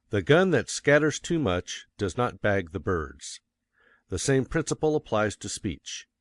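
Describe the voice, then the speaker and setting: A man reading a nonfiction book aloud as an audiobook narrator, measured and stressing key words. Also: on the low side, dry recording. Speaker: audiobook reader. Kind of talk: scripted narration.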